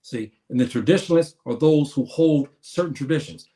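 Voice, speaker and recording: A Muslim preacher delivers an earnest spoken religious lecture, calling his listeners brothers and sisters and often restarting his phrases. His voice is medium in pitch, warm, and fairly quick.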